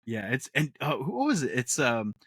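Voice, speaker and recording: A man hosting a podcast in casual chat, animated, laughing often and acting out quotes. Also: medium pitch, moderate pace, breathy edge, no echo, clean studio sound. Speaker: podcast host.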